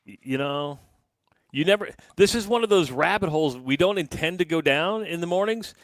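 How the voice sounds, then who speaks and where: A man's voice: on the high side, animated, moderate pace, no echo. A man co-hosting a sports radio show, rambling in a self-deprecating way and restarting his sentences. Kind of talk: casual radio talk.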